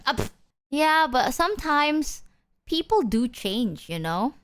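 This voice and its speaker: A woman's voice: high-pitched, sing-song, takes it slowly, a little hiss or hum. A woman streamer chatting casually with viewers, candid and self-deprecating, swearing freely and restarting her sentences. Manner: restarts and filler-heavy.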